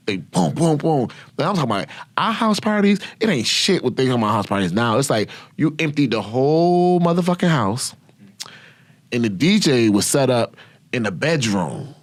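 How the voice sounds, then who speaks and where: A man hosting his own podcast, telling profane, animated stories about his past and laughing often. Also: mid-range voice, moderate pace, dry recording. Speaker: podcast host. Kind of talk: casual storytelling.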